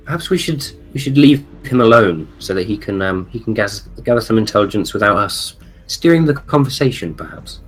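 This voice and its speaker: A man's voice: on the low side, expressive, faint music behind, poor audio. A man playing a tabletop game, describing his moves thoughtfully with restarts. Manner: thoughtful, halting. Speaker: player.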